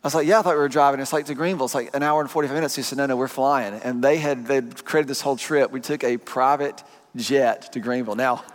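A man preaching a sermon, telling a personal story in an animated, joking way to his congregation. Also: medium pitch, fast. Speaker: pastor. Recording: long hall reverb.

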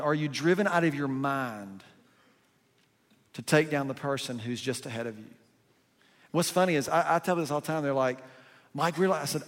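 A man preaching a sermon in a conversational, animated way, full of rhetorical questions. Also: on the high side, big-room sound. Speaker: pastor.

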